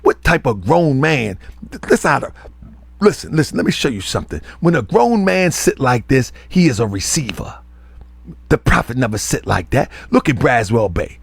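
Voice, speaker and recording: Gravelly husky guy going off at people, repeats himself a lot, voice jumps all over. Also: mid-range voice, no echo. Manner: confrontational, scolding and repetitive. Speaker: religious teacher and show host. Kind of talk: heated online rant.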